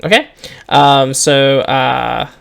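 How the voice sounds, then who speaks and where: A man narrating as game master for a tabletop role-playing game, describing scenes in a halting way. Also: mid-range voice, vocal fry, smooth.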